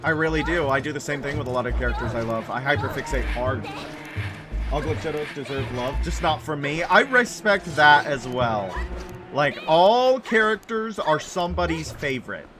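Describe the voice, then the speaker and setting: A game streamer with a slightly high voice and lively intonation chats at a normal speed with viewers as he plays. His talk rambles, corrects itself and is reassuring, with game music playing underneath.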